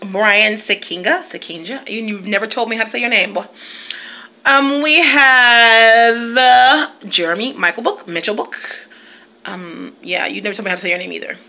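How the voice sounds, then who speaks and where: A woman chats loosely to her viewers from her home computer. Her voice is bright and forward, and her talk is playful, full of laughs and stray snatches of song. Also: medium pitch. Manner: chatty and playful, laughs often, drops into song. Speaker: teacher and video blogger. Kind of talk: casual chat to camera.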